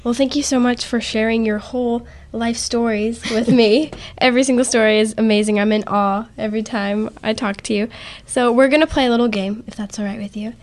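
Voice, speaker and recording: A woman's voice: fairly high pitch, fairly even intonation, fairly quick, few pauses. A woman hosting an interview, enthusiastic and giggly, gushing over her guest. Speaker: host. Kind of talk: casual interview chat.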